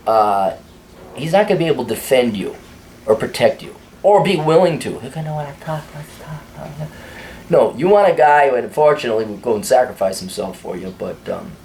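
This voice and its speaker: A man's voice: medium pitch, darkish tone, slight background noise. A man hosting a casual opinion monologue in a blunt, crude and sardonic way. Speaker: host.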